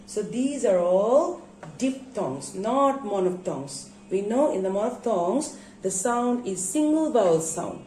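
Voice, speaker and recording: A woman's voice: medium pitch, big pitch swings, slow pace, darkish tone, a little hiss or hum. A woman with a Bangladeshi English accent teaching an English pronunciation lesson to schoolchildren, spelling words out letter by letter and answering her own questions. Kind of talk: recorded classroom lesson on pronunciation. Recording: echoey room.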